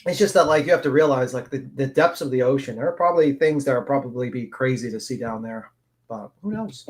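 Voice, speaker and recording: A man in casual live-stream chat who rambles through long, thoughtful explanations. He swears now and then and speaks at a medium pitch. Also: fast.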